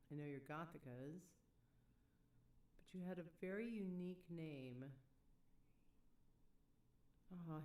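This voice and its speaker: A woman's voice: on the low side, a little mellow, reverberant, recorded from a distance. A woman chatting casually on a live stream, reading chat messages aloud and laughing often.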